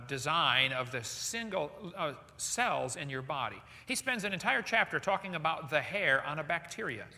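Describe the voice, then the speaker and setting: A man giving a lecture to a live audience in a large hall, animated and jokey, firing rhetorical questions at the crowd. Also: fairly high pitch, vocal fry. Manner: jokey asides. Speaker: seminar speaker. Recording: long hall reverb.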